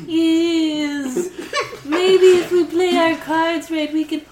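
A woman's voice: very high voice, steady tone, slow, echoey room, background noise. Woman hooting as a sly scheming owl.

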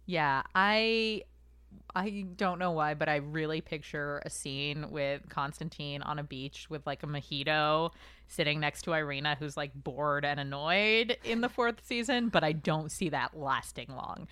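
A woman hosting a casual podcast, her voice low-pitched and smooth. She chats in quick asides and reads listener mail aloud. The sound is dry and close. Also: fairly bright tone, dry recording. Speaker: podcast host.

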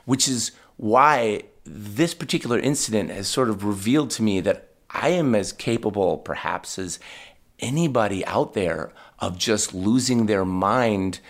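Gravelly man telling a story. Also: on the low side, measured pace. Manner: animated, self-deprecating. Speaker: guest storyteller. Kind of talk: casual storytelling.

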